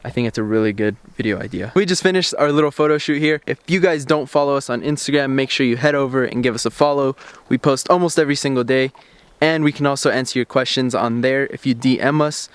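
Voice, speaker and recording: A man's voice: mid-range voice, fast, few pauses, smooth. A young man hosting a car vlog, casually telling a story outdoors and acting out bits of quoted dialogue, recorded on a camera-mounted shotgun mic. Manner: relaxed, chatty, retells events with quoted dialogue. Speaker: car channel host. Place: outdoors by parked cars.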